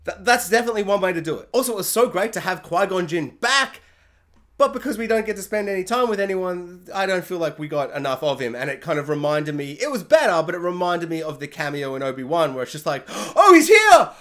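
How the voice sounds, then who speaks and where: A young man reviewing a series in a casual, jokey rant, acting out quotes in high, excited voices. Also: fast.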